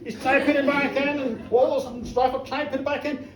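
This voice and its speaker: A woman telling a story live in a pub, chatty and animated, playing to the crowd. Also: sits high, fast talker. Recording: echoey live bar, from a distance.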